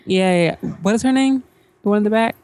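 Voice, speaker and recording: A woman's voice: medium pitch, fast, darkish tone. A woman co-hosting a podcast, chatting casually in loose, rambling phrases that trail off. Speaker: podcast co-host. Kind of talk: casual chat.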